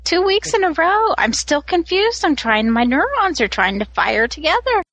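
A woman co-hosting a casual podcast, excitedly telling a story and acting out quotes. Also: extremely high pitch, moderate pace. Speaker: podcast co-host.

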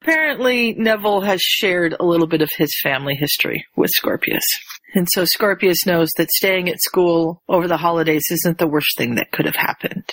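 A woman casually retelling a story as a podcast co-host, animated and quick to jump into high voices for the people she quotes. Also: no echo, poor audio. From rural area with chicken farms. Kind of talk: casual chat.

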